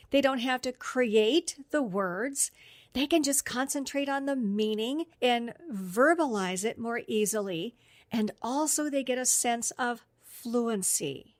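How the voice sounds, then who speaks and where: Woman clinician presenting a training podcast; warm teacherly explainer, dry close mic. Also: on the high side, no room sound. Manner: friendly, explanatory, with occasional laughs. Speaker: speech therapist presenting professional development. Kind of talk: instructional podcast talk.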